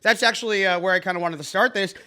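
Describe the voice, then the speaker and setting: A young man hosts a comedy news podcast, his voice sitting high and ringing bright. He riffs fast and sarcastically and slips into a punchy mock-announcer delivery. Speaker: comedy news show host.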